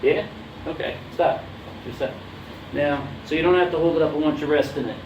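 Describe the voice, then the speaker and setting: A man's voice: on the high side, brisk. A man coaching a student through a music lesson, checking in after each point. He sounds off-mic in a reverberant room. The recording is dull and noisy. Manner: coaching, checks understanding often. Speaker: horn teacher. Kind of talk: casual one-on-one instruction. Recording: roomy, distant, dull mic with background noise.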